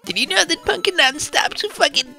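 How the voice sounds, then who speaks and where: Cocky teen cartoon shapeshifter, high mocking voice. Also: male voice, animated, a little fast, creaky, pushed and bright, soft background music, full character voice. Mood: taunting. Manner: mocking, taunting. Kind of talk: cartoon voice impression in a let's play.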